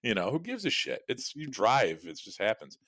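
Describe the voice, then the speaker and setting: A man's voice: medium pitch, wildly swooping pitch, normal speed, pushed and bright, dry recording. A man co-hosting a podcast, telling a rambling, profane story in casual chat with frequent laughs. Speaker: podcast co-host.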